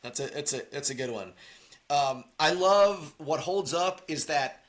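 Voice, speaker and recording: Bright-voiced man rambling about a movie. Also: a little high, lively intonation, measured pace. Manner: rambling, jokey, acts out quotes in silly voices. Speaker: podcast co-host. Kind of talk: casual movie chat.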